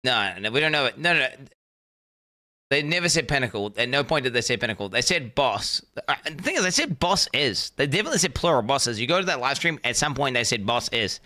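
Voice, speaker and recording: A man's voice: mid-range voice, very animated, quick pace, sharp tone. A young man streaming live, reacting to a game announcement, thinking aloud, repeating himself and swearing casually.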